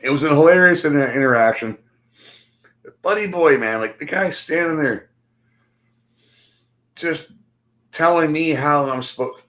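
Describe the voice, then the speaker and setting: A man's voice: fairly high pitch, measured pace, long pauses. A middle-aged man ranting casually to his livestream viewers, swearing constantly and laughing through his stories. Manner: profane, animated storytelling with laughter. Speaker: livestream host.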